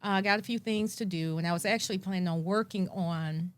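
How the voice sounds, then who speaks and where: Woman guest, animated storyteller, mid-pitched, dry close sound. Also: a little fast, dry recording. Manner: animated, acts out her own past thoughts. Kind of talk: personal storytelling.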